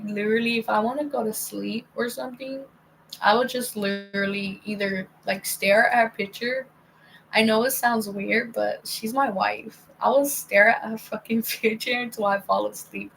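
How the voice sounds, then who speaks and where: A woman in her twenties telling a rambling personal story in casual chat, her voice hoarse and giving out, acting out conversations as she goes. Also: fairly high pitch, a bit bright, a little hiss or hum, poor audio. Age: 20s. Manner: rambling, acts out conversations in quotes. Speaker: vlogger.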